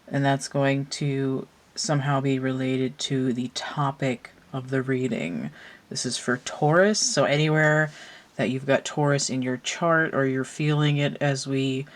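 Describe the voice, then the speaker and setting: A woman giving a casual tarot reading, thinking aloud and wandering into asides. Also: a bass voice. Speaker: tarot reader.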